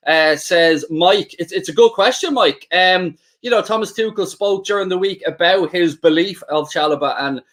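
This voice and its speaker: A man with a high, slightly bright voice co-hosts a live football watchalong stream, bantering and reading viewer comments at a moderate pace with hardly any pauses.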